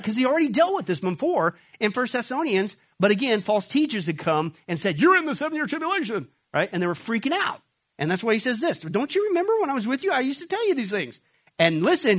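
A man's voice: high voice, fairly bright tone. A male pastor preaching a sermon, tossing fill-in questions to the congregation and acting out quoted voices with casual jokes.

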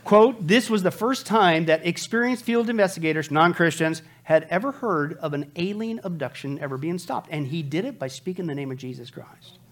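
A man delivers a sermon in a high, emphatic voice at a fairly quick pace, repeatedly posing rhetorical questions to the congregation and answering them himself.

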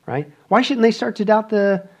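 A man preaching a sermon, emphatic, firing rhetorical questions and swinging between loud bursts and quiet asides. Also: high-pitched, lively intonation, moderate pace. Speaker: pastor.

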